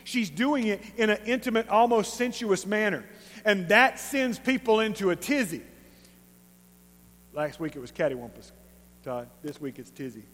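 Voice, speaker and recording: Man, East Texas accent, pastor, sermon, high voice, emphatic, long hall reverb. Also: normal speed, long pauses. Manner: conversational, emphatic, animated storytelling.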